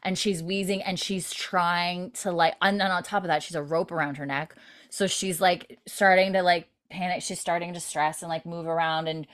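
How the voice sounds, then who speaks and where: A woman's voice: on the low side, flat delivery, moderate pace, a bit bright. A woman casually recapping a TV episode with a co-host, rambling with lots of fillers and quoting the characters' lines. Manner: rambling, filler-heavy retelling with quoted lines. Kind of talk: casual chat.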